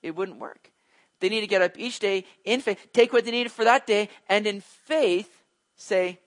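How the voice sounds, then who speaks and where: High-voiced animated male preacher. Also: normal speed. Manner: animated, acts out people's voices in quotes; conversational, with casual asides. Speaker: pastor. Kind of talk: expository sermon.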